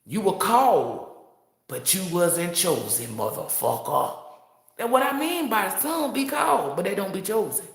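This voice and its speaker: A woman's voice: medium pitch, big pitch swings, a little slow, creaky, roomy sound. A woman giving a casual spiritual monologue as a tarot reader, brash, boastful and profane, laughing often.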